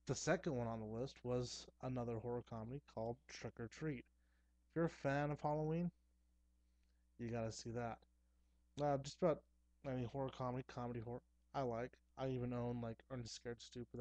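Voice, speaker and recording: A young man talking casually to camera at home, chatty and excitable, with playful asides. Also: mid-range voice, dry recording. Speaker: horror movie vlogger. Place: dim room at home.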